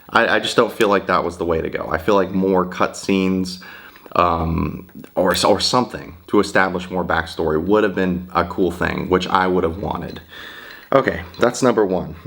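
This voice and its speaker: A man with a very low voice talks through a video game review in a casual, rambling way. He hesitates often, trips over restarts and swears freely. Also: gravelly. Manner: rambling, profane, hesitant with many fillers.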